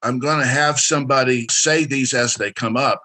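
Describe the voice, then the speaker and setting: A man with a bright, forward voice running an interactive career workshop. He speaks directly and instructively and keeps encouraging the people taking part. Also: medium pitch, normal speed.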